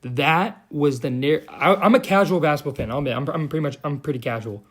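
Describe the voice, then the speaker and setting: A man's voice: on the high side, fairly quick. Heated, profane young man ranting. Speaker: commentary vlogger. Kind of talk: ranting commentary.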